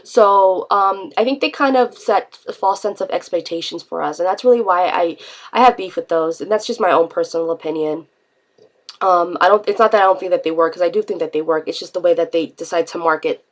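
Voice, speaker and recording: Rambling woman vlogger, lots of ums. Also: fairly low pitch. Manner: rambling, frequent ums and restarts. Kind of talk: unscripted casual vlog chat.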